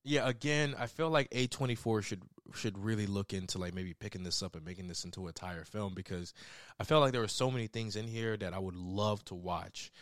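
A man's voice: on the low side, brisk, dry recording, studio quality. A young man casually reviewing a short film in a rambling way, with restarts, swearing and laughs. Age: young adult. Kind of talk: casual chat.

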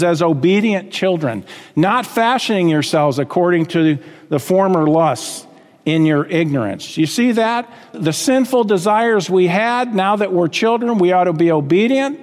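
A man's voice: high voice, long reverb tail. A man preaching a sermon as a pastor, reading scripture and driving points home with emphatic repetition. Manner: preaching with rising emphatic bursts and repeated phrases.

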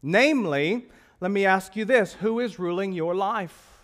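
A man with a fairly high voice delivers a sermon. He moves from ringing emphasis to near-hushed lines as he puts rhetorical questions to his listeners. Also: unhurried. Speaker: pastor.

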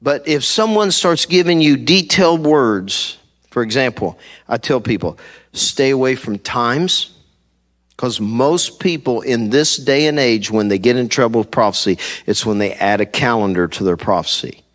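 A middle-aged man preaches from a church stage to his congregation, telling funny stories and performing the voices of the people he quotes. He is the pastor, using a handheld mic, and speaks at medium pitch and normal speed with a fairly bright tone.

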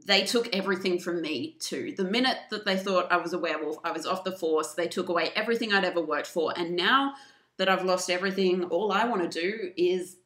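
A woman's voice: on the low side, brisk, a bit bright, lightly acted. A woman voicing a determined young woman, a former cop turned werewolf, pleading bluntly and earnestly. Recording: roomy echo.

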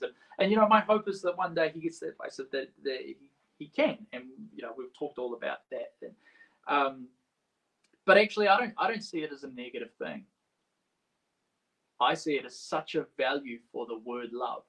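A man preaching a sermon in a casual, halting way, restarting often and swinging between quiet and loud. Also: mid-range voice, expressive, rough recording. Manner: halting, with many restarts and a wide swing in loudness. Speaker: pastor.

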